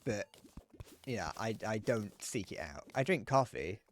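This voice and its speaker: A man's voice: fairly low pitch, lively intonation, a little slow, a little hiss or hum. A man with a British accent chatting casually to his live-stream audience while gaming, rambling through restarts and crude remarks. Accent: British English. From Britain. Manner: rambling and crude, answering chat with frequent restarts.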